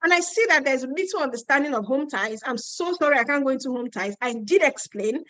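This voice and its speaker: A woman's voice: high voice, expressive, fairly quick, a bit bright, no room sound, low-quality recording. A Nigerian woman with a Yoruba accent hosting a live Q&A webinar from Ontario. She reads out viewer questions and answers them in a chatty, emphatic way, repeating her points. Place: home in Ontario.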